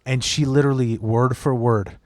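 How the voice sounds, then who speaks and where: A man's voice: medium pitch, steady tone, normal speed, a little mellow, no echo, clean studio sound. A young man hosting a podcast, telling a story in blunt, profane, casual chat and slipping into mimicry of other people. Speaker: podcast host.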